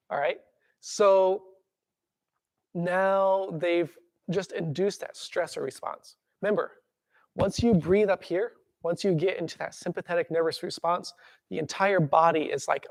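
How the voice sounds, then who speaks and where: Gravelly-voiced man teaching a workshop. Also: high-pitched, a little slow, no echo, clean studio sound. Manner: calm guiding breath cues, then animated explaining with acted-out reactions. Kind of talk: workshop teaching with guided breathing.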